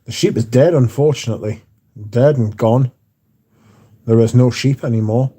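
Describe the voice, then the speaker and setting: A man's voice: medium pitch, normal speed, dark tone, husky. A man hosts a livestream from home, reading out viewers' chat and bantering back in a laid-back way with casual swearing. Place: indoors at home.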